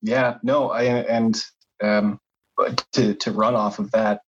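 Easygoing man, low husky voice, reflective chat, muffled lo-fi audio. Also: little pitch movement, slow pace. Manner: thoughtful, casual, some swearing. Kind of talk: casual chat. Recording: dull lo-fi sound.

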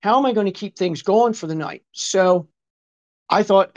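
A high-pitched man speaking at normal speed, in his fifties, rambles through a long casual story. It's profane and cluttered with asides and quoted remarks, and the recording is dull and lo-fi.

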